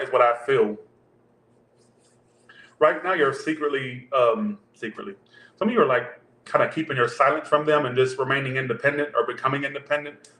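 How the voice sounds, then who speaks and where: A man with a medium-pitched, fairly bright voice gives a casual tarot reading, talking loosely and directly to his viewers. The recording has a roomy echo and a faint background hum.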